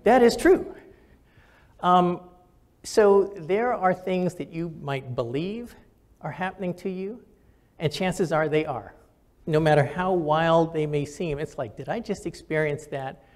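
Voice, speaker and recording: A man's voice: a little high, slow pace, darkish tone. An older man, a physician and military officer, telling personal stories in a conversational, earnest way with frequent restarts, recorded for camera. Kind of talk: reflective storytelling talk.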